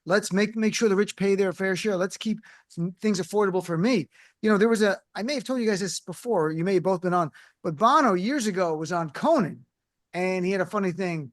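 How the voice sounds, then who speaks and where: A man hosting a radio talk show, chatting and telling quick anecdotes to his guests. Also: high-pitched, dry recording, clean studio sound.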